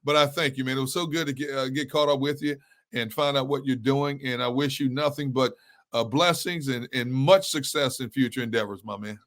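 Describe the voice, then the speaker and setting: A man's voice: medium pitch, brisk, a bit bright. A man hosting a sports interview show, effusive and enthusiastic with his guest. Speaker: host.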